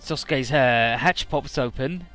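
A man's voice: medium pitch, slow pace, bright, forceful tone, faint music behind. A man casually narrating a video game playthrough, loose and rambling, with lots of fillers and the odd swear word. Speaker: let's play commentator.

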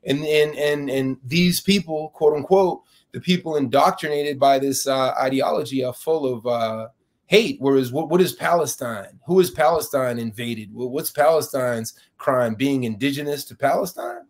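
A man's voice: medium pitch, normal speed. A man with a New York accent, a fired professor being interviewed, arguing his case with many restarts and rising intensity when indignant. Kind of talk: interview, impassioned argument.

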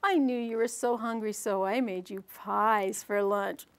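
A woman storyteller voicing a kindly mother in a gentle, lower voice. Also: steady tone, measured pace, smooth, natural voice.

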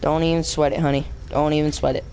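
A young man hosting a let's play, rambling with lots of fillers and bursting into yelling at the game. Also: on the high side, flat delivery, quick pace, slight background noise. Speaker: gaming channel host.

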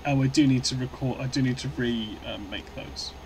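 A man's voice: medium pitch, steady tone, moderate pace, noisy background. A man streaming a truck game live, answering chat in a rambling, good-humoured way with many restarts.

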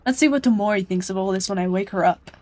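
A woman's voice: medium pitch, fast talker, a little mellow, voice pushed down, natural voice. Woman reading as a sinister snake spirit. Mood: menacing.

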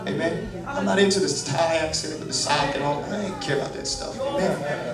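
A man preaching a live church sermon, joking with the congregation and swinging from quiet asides to shouted praise. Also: a little high, normal speed, distant mic, over loud music. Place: large church hall with congregation. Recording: echoey hall, crowd, from off-mic. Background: congregation responding.

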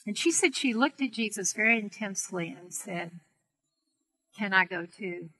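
A middle-aged woman teaches on healing prayer through a gentle, earnest story. Her voice is bright and a little breathy, and she softens it for the quoted lines. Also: mid-range voice, expressive, normal speed, poor audio. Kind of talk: storytelling talk to a seminar audience.

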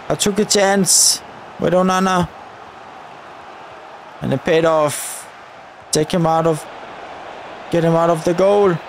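Excitable young man commentating a football game. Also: high-pitched, a little hiss or hum. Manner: excitable, frustrated outbursts at the referee. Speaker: gaming YouTuber.

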